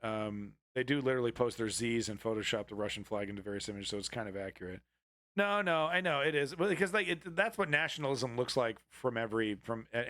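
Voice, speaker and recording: A man talks through news clips on a live stream in a loose, rambling way. He is sarcastic and a little mocking, with an even, mid-range voice that sits in the middle for a man. He thanks viewers between thoughts. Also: mid-range voice, dry recording. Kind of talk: casual live-stream commentary.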